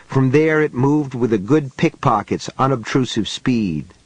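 A male narrator reads a novel aloud in measured, unhurried storytelling. His delivery is slow, and his voice sits at a middle pitch. The recording is dry and close, with no room sound. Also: lively intonation, breathy edge, no room sound, low-quality recording. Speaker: audiobook narrator. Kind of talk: scripted narration.

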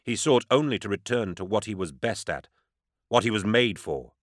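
A man reading scripted narration in a steady, measured storytelling manner. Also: lowish voice, no room sound, studio quality. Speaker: audiobook narrator.

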